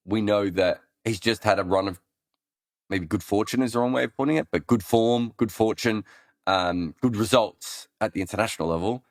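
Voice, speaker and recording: The host here is a man with a lowish voice, taking listener questions in a casual live cricket Q&A. As an analyst, he meanders through his replies with frequent ums and restarts; the studio-quality audio has no echo.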